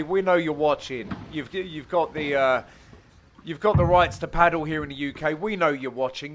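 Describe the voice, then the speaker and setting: Cheeky high-voiced man commentating. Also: a bit bright. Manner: cheeky, self-mocking banter with frequent laughs. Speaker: host and player commentating his match. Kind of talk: jokey voice-over commentary on match highlights.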